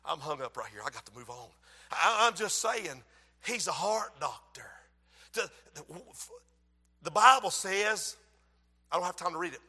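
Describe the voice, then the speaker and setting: A man preaching a sermon, acting out a story, swinging from hushed tones to shouting. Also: a little high, big pitch swings, moderate pace, pauses often, slightly rough. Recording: long hall reverb.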